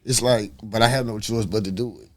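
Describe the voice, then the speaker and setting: A man's voice: fairly low pitch, fairly even intonation, a little fast, crowd noise. A middle-aged man, a podcast guest in casual chat, slangy and repeating his phrases, tagging "man" onto his lines.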